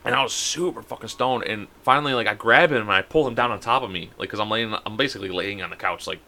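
A man telling a long, profane story in a casual podcast chat, rambling and animated. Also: fairly low pitch, quick pace. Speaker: podcast co-host.

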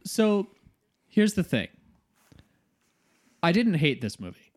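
Man, podcast co-host, higher voice, very lively pitch, casual rambly reviewer. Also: slow pace, a little hiss or hum. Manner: animated, rambling with fillers. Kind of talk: casual movie review chat.

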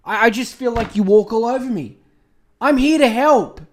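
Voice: mid-range voice, normal speed. A podcast host, ranting alone into the mic, sarcastic, swearing, and exasperated. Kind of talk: solo podcast rant.

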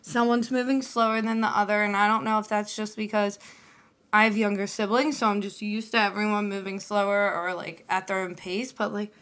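A woman in her twenties co-hosting a podcast, chatting in a relaxed way with lots of filler words. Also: medium pitch, brisk. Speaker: podcast co-host. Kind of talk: casual chat.

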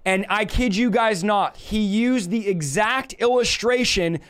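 A man sharing his personal conversion testimony on a live stream, telling it in an animated, earnest way and acting out the dialogue he quotes. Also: sits high, measured pace, clean tone. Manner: emotional, earnest.

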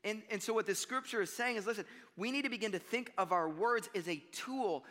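Bright, high-voiced preacher in a hall. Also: male voice, fairly quick. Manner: conversational, storytelling with self-deprecating laughs. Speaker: pastor. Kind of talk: sermon.

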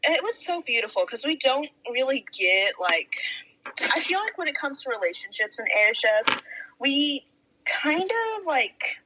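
A young woman co-hosting a podcast, talking enthusiastically and pausing on fillers as she thinks. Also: sits high, sing-song, background noise. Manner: enthusiastic, with filler-laden pauses. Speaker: podcast co-host. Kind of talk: casual chat.

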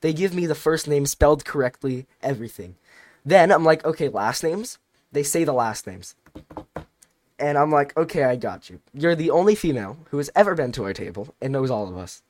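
A teenage man casually telling a long story on a podcast, rambling and animated, with many restarts. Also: fairly high pitch, a little fast. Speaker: podcast co-host.

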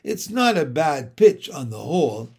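A small, clever female spider speaks in a calm, practical way, plainly explaining how things are, as a man reads her in a storybook. The voice sits a little high and moves slowly, with a gravelly edge. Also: full character voice. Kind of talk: storybook read-aloud.

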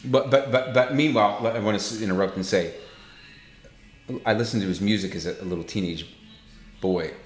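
Guy with a low voice, preachy and earnest, roomy echo and faint music behind. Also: normal speed, pauses often. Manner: preachy, fervent, drops to soft reassurance. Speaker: podcast co-host. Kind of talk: casual faith talk.

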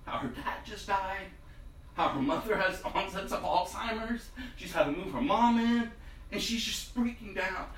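A man's voice: high-pitched, normal speed, fairly bright tone, roomy sound, far from the mic, a little hiss or hum, low-quality recording. A man preaching a sermon in a conversational, storytelling way. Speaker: pastor.

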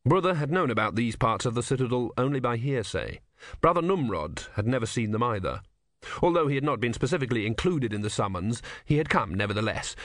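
A man narrating an audiobook with expressive storytelling. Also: medium pitch, no room sound, clean studio sound. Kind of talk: scripted narration.

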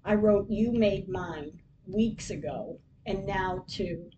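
Earnest middle-aged woman reading from afar. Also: dull audio. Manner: earnest, heartfelt, unhurried prayerful reading. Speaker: podcast host. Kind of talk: reading her personal diary aloud. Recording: distant mic with steady low rumble.

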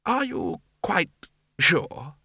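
A man's voice: high voice, sing-song, extremely slow, pushed and bright, husky, no echo, studio quality, voice pushed up, full character voice. A man voicing a flustered elderly head wizard in an audiobook, hesitant and stammering with many ums. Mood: awkward.

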